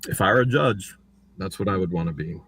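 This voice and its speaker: A man's voice: fairly quick, husky. A man talking casually about his own court case, acting out what others said with big jumps in voice. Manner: animated, acts out quotes with big pitch jumps. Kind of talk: casual livestream chat.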